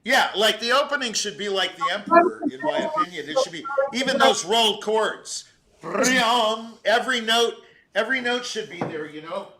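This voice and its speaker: An older man giving rambling, animated feedback on a piano performance, singing out phrases and laughing as he talks. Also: high voice, normal speed, a loud crowd. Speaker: competition juror giving feedback. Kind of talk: spoken critique of a performance.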